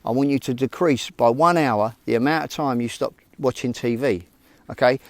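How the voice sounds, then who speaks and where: Male self-help vlogger, mid-pitched, informal and rambling, dry close sound. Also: normal speed, dry recording. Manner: rambling, informal, frank, addresses viewers directly. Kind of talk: casual motivational talk to camera.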